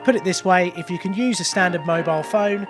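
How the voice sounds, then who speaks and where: A man with a fairly high voice talks through a plumbing job in a casual how-to vlog. He is chatty and jokey, explaining each step as he works. He is recorded indoors in a house. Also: quick pace, loud music behind the voice. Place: boot room of a house, indoors.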